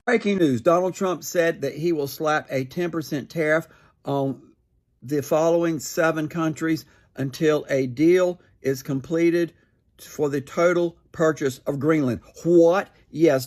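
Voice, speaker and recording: A man's voice: on the high side, a little slow, a little mellow. A man commenting on political news in a sarcastic, mocking tone, firing rhetorical questions. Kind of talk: opinionated news reaction.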